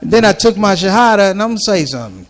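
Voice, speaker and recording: A man's voice: high voice, fast talker. A man telling stand-up stories to a live ballroom audience in a casual, conversational way, jumping in and out of voices. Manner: conversational, animated, jumps between voices. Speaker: stand-up comedian.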